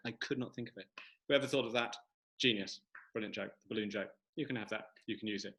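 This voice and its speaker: A man speaks over a video call with a bright, forceful tone. His talk is casual and rambling, full of restarts, as he tells jokes at his own book launch. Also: medium pitch, lively intonation, quick pace, rough recording. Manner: chatty, rambling joke-teller. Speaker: author.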